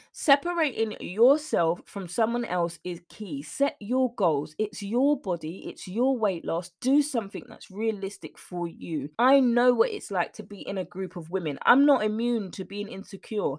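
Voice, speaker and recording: A woman hosting a podcast as a mindset coach, talking earnestly and emphatically, at times emotional. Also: on the high side. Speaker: weight loss mindset coach, podcast host. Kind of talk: motivational solo talk.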